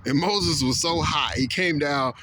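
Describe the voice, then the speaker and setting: A man's voice: fairly high pitch, unhurried, sharp tone, a little hiss or hum. Stammering man ranting to camera. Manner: repetitive, stammering restarts; acts out quoted voices. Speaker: video blogger. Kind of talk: casual opinion monologue.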